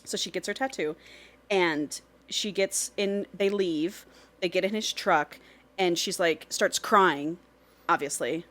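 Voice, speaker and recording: A woman's voice: fairly low pitch, slow, fairly bright tone. Laughing, foul-mouthed woman recapping a book. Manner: swearing, laughing, acts out the characters' lines. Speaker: podcast co-host. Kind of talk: casual book-recap chat.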